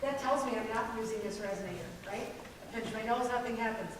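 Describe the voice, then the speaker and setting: Echoey high-voiced woman vocal coach. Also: fast talker, noisy background. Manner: demonstrates sounds, jokes with the singers. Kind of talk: barbershop vocal lesson to a group. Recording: very echoey hall, voice from far off.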